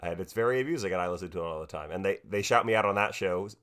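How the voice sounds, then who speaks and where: A man's voice: low voice, very fast, fairly bright tone, clear, resonant tone. An American man co-hosting a podcast, easygoing and joking as he chats. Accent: American English. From United States. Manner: easygoing, joking, lots of fillers. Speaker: podcast co-host. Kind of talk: casual chat.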